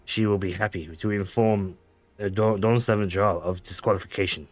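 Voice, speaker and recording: A man's voice: on the low side, steady tone, moderate pace. A man streaming a game, reading the dialogue aloud with frequent stumbles, self-corrections and laughs. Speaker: gaming streamer.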